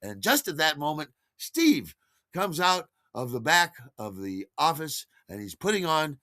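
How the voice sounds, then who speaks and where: Lively, bright-voiced male storyteller. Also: on the high side, a little slow, no echo, clean studio sound. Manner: wry, digressive, chatty. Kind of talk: spoken storytelling monologue.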